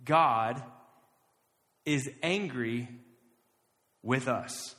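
A young man preaching a casual sermon, talking conversationally and stretching key words slowly for emphasis. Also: mid-range voice, pushed and bright. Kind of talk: casual sermon to a live audience. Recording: long hall reverb.

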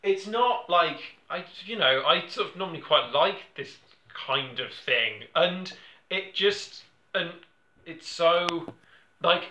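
A man chatting casually on a film podcast, rambling and animated as he acts out quotes. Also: fairly high pitch, slow, highs cut off. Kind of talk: casual chat. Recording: roomy echoey room.

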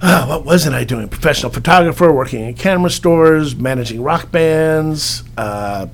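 A man's voice: a little high, moderate pace, a little hiss or hum. A middle-aged man from Los Angeles, a television writer telling easygoing stories as a podcast guest. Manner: easygoing storyteller, acts out quotes. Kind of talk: casual interview chat.

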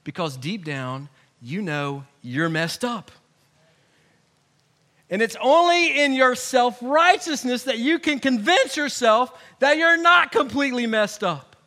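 Pastor guy preaching, high bright voice, gets loud then drops to a hush. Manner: animated, swings between loud emphasis and hushed asides. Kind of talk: sermon.

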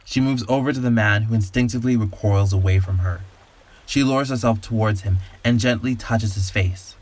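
A man hosting a podcast and narrating a story in a calm, measured, soothing way. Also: fairly low pitch. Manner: calm, slow, soothing guided-imagery delivery.

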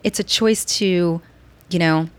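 A woman's voice: lowish voice, slow pace, clean tone. Earnest woman guest explaining with enthusiasm. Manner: earnest, animated explaining with many "you know"s. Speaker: podcast guest. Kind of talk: casual conversational interview.

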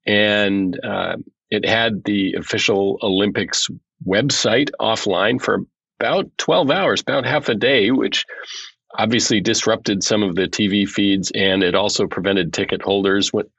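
A man's voice: fairly low pitch, a little slow, creaky, fairly bright tone, husky, no room sound, highs cut off. A man explaining security threats in casual podcast talk, slipping dry jokes into his explanations. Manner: dry joking asides in explanations. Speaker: security analyst guest.

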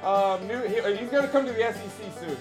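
High-voiced man giving a mock sports update. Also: a little fast, over music. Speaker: segment presenter.

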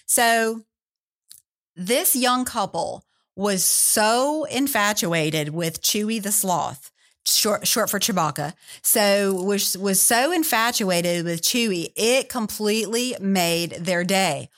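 A woman, a tourism director telling lively stories in a radio interview. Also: medium pitch, slow pace. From Mississippi, USA. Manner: enthusiastic, chatty, with fillers.

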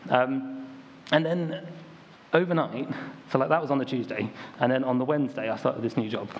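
A man's voice: medium pitch, steady tone, moderate pace. A young man from the United Kingdom preaching a sermon to a church congregation in a casual, storytelling way, full of ums and likes. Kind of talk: conversational sermon. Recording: dull lo-fi recording, faint ambient noise.

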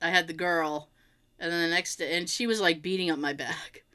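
A woman chatting casually, telling an animated, laughing story with plenty of swearing. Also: fairly low pitch, brisk, clear, resonant tone. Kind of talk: casual chat.

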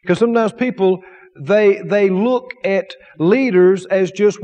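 A man's voice: high voice, slow, warm tone, big-room sound, highs cut off. A man preaching a sermon as pastor, emphatic, with repetition and rhetorical questions.

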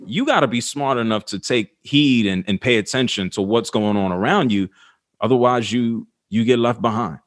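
A man's voice: mid-range voice, normal speed. A middle-aged man, a sports radio host, speaking as a guest in a casual interview, blunt and emphatic, swearing freely.

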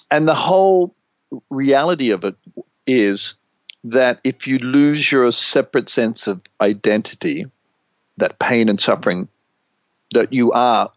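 Animated, swearing man telling stories. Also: mid-range voice, dry recording, highs cut off. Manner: animated storyteller, swears freely, mimics voices for effect. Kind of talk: casual spiritual conversation.

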